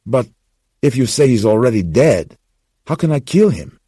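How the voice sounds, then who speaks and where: A man's voice: low voice, animated, a little slow, darkish tone, dry recording, studio quality, heavily acted. A man voicing a brash, defensive young street thief who swears freely.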